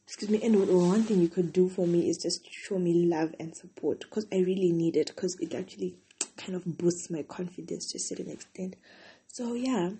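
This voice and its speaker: A woman's voice: fairly low pitch, normal speed, mellow, slight background noise. A young woman hosting a casual solo podcast. She sounds tired and chatty, rambling with lots of "like" between thoughts. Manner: chatty, rambling, heavy use of "like". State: tired, yawning. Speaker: podcast host.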